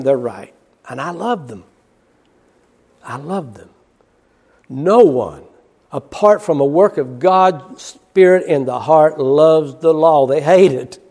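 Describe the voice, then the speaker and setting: High-voiced preacher in a reverberant hall. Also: male voice. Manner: swings between loud, quick emphasis and hushed, slow passages; repeats key phrases for emphasis. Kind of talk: sermon. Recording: long reverb of a large hall.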